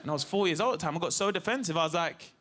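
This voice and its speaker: Man, stand-up comic, bright voice, slightly high, lively chatter. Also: rapid-fire, a little hiss or hum. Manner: lively, chatty, peppered with "you know, man". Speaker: stand-up comedian. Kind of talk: stand-up routine. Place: TV studio stage.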